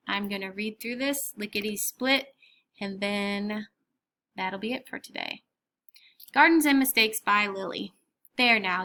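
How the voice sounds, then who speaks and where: A woman teacher giving students a listening task, then reading a children's story aloud with expressive character voices. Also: medium pitch.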